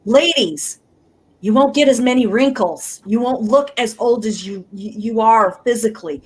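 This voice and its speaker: A woman speaking as a panelist on a faith talk show, telling stories in an animated way. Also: on the high side, normal speed, slightly rough, poor audio. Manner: animated storytelling. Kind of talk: casual faith discussion.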